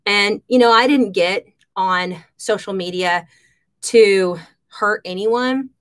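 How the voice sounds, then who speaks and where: A woman hosting a casual live stream from her home kitchen, chatting and shouting out viewers by name. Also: on the high side.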